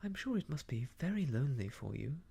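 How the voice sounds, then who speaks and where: A man voicing a gentle, earnest young woman in a whispered role-play, speaking softly and sincerely. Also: mid-range voice, very animated, fairly quick, vocal fry, husky, heavily acted. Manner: soft, sincere and quiet.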